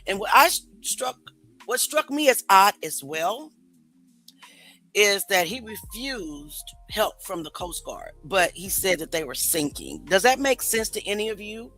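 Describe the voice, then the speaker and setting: A woman's voice: mid-range voice, big pitch swings, unhurried, a bit bright, soft background music, poor audio. A woman hosting a casual commentary stream, questioning what she hears and asking viewers what they think. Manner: skeptical, rhetorical questions to viewers. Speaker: commentary show host.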